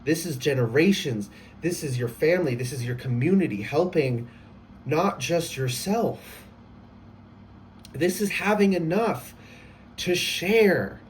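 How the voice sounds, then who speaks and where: A man giving a casual spoken tarot reading, excitable and emotional, gushing and laughing often. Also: fairly high pitch, slow, pauses often, far from the mic, a little hiss or hum. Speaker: tarot reader.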